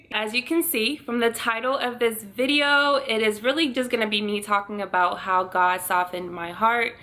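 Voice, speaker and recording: A woman's voice: on the high side, measured pace, sharp tone, slight background noise. A woman in her twenties talking earnestly to her viewers in a casual faith vlog, laughing now and then. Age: 20s. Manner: earnest, speaks straight to viewers, often laughing. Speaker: vlogger.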